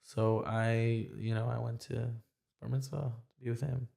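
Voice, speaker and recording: A man's voice: mid-range voice, little pitch movement, moderate pace, gravelly, darkish tone. A young man talking as a podcast guest in casual chat, rambling with many restarts. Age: young adult.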